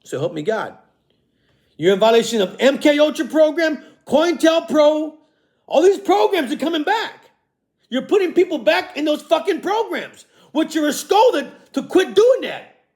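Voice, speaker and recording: Man, very high voice, furious profane vlog rant, shouts then mutters, constant "okay?" tags. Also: big pitch swings, measured pace. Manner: profane, accusatory, repeats "okay?" and "all right?" tags; swings between shouting and low muttering. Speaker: vlogger. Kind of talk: angry confrontational monologue.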